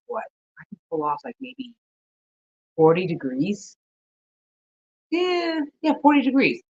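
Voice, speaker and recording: A woman's voice: medium pitch, slightly rough. Sleepy rambling woman on a dull recording. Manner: rambling, thinking aloud, lots of fillers. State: sleepy, yawning. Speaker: gardening vlogger. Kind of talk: casual rambling chat.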